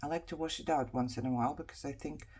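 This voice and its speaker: A woman chatting casually while she crafts at home. She laughs often and drops to quiet muttering as she works. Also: low-pitched, fast. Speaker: craft journaling vlogger.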